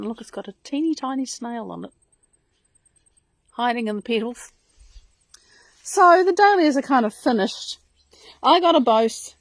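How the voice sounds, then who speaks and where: A woman with a high-pitched voice hosts a casual live stream outdoors from her front garden, holding her phone in hand. She chats in a rambling, enthusiastic way, with no room sound.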